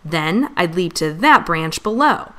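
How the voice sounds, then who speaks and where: A woman voicing an eager little girl cat princess in a storybook reading, bright and curious. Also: lowish voice, lively intonation, a little slow.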